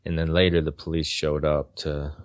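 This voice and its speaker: A man in his forties, a podcast guest, telling a personal story in a halting, earnest way that often repeats and restarts words. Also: a bass voice, little pitch movement, no room sound.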